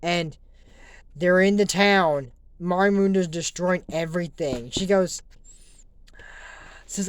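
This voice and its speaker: A man's voice: high voice, measured pace, smooth, no room sound. A man hosting a casual, rambling recap of a cartoon episode, acting out the characters as he goes. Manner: rambling, restarts, acts out the characters.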